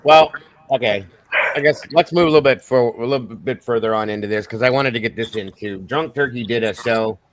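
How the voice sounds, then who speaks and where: A man hosting a casual online panel, measured and careful to hedge his opinions. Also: mid-range voice, fairly bright tone. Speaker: host.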